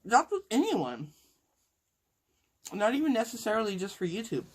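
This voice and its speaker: A woman's voice: fairly high pitch, big pitch swings, normal speed. A woman talking casually and heartfelt to her viewers while eating, emotional and sighing at times. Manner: talks with food in her mouth. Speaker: mukbang vlogger.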